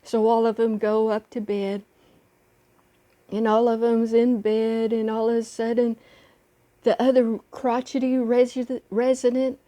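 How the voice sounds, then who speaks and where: A woman's voice: a little high, level tone, unhurried, mellow. A woman vlogger earnestly retelling a film story in casual talk, recorded on a phone. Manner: earnest, encouraging.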